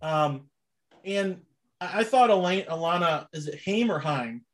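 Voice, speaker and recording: A man's voice: high voice, measured pace. A young adult man co-hosting a podcast in casual chat, rambling easily and laughing often. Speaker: podcast co-host.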